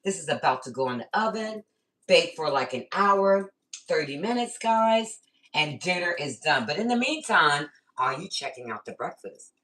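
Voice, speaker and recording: A middle-aged woman telling a story casually in her vlog, animated and swearing freely as she talks straight to her viewers and a friend. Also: deep voice, normal speed. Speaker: vlogger.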